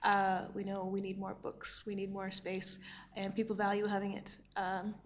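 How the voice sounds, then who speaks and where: A woman on a town council giving measured, friendly remarks on a report. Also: medium pitch, monotone.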